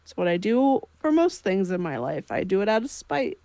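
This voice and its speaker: Woman, blunt, wry, casual swearing, dry room, mid pitch. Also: very animated, moderate pace, warm tone, dry recording. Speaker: podcast co-host. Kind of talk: casual chat.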